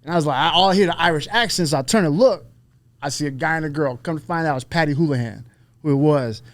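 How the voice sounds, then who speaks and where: A man telling a story in casual podcast chat, profane and animated, acting out the people he quotes. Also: a little high, fast, no echo. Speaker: podcast guest, fighter.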